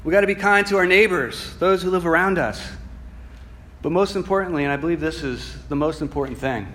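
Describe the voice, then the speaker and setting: Guy preaching a sermon, kinda high voice, earnest, goes soft then punchy. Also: slight background noise. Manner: earnest, builds from soft reflection to emphatic bursts; reads scripture slowly and deliberately.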